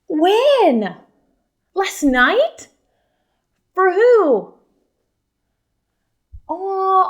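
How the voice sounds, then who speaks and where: A young woman, a kindergarten teacher, talks to young children in an animated, upbeat way during a lesson. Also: extremely high pitch. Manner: animated and upbeat, talking to kids.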